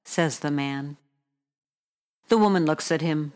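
A woman reading a short story aloud in a measured, hushed way. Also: low-pitched.

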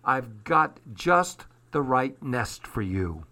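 A man reading a storybook aloud, voicing a gruff, grumbling old hobo. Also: mid-range voice, big pitch swings, slow, bright, forceful tone, heavily acted. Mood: gruff reassuring. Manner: growling, gruff.

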